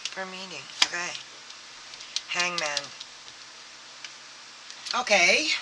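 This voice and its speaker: In a slow, mid-range voice with lively intonation, a tarot reader rambles through a casual reading, full of fillers and acted-out quoted thoughts. The recording is very noisy.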